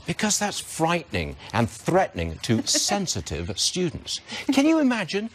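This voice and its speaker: A man's voice: huge pitch swings, moderate pace, slight background noise. An older man with an English accent giving emphatic, indignant business commentary on morning TV. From United Kingdom. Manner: emphatic, indignant, swoops high in pitch.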